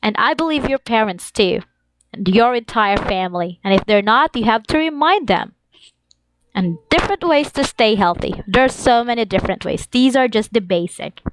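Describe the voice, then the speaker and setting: A woman teaching an English lesson to young children, reading examples slowly in an exaggerated sing-song way. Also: a little high, lively intonation, noisy background.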